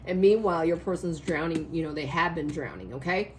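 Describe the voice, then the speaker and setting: A woman reading tarot cards in a rambling, animated way, her voice a little hoarse, often checking in with the listener. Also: low voice, fairly quick. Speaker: tarot reader. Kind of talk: casual spiritual reading to camera.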